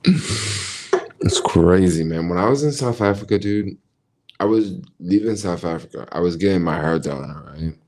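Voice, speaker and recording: A man's voice: low voice, measured pace, darkish tone, a little hiss or hum. An American man chatting casually on a livestream, laid-back and slangy, thinking aloud as he answers viewers' comments. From United States. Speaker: vlogger reading viewer comments.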